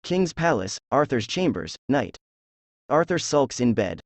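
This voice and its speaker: A man reading a drama transcript aloud, announcing character names and stage directions in a flat manner. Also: mid-range voice, a little slow, dry recording. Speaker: script reader.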